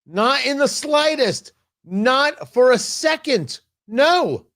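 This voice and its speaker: A male talk show host with a very high-pitched, expressive, slightly bright voice speaks slowly through a combative opinion monologue. He's emphatic, repeating lines to hammer his points home.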